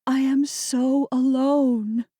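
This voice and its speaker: A woman's voice: steady tone, vocal fry, mellow, dry recording, clean studio sound, full character voice. A woman voicing a grieving widow in her fifties, sobbing and pleading in a raised, tearful voice. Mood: sobbing, desperate. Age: 50s. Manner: tearful, pleading, higher and slower than the narration.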